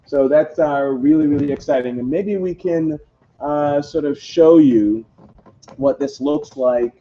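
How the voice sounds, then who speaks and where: A man's voice: on the high side, a little slow, warm tone. A man hosting a casual car walkaround livestream, chatty and rambling with many fillers. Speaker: host. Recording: dull lo-fi livestream audio, faint noise.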